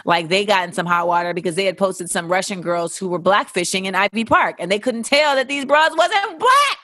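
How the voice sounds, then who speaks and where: A woman's voice: mid-range voice, expressive, brisk, sharp tone, no echo. Woman host, blunt and profane, casual listener-question monologue, dry close mic. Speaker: podcast host.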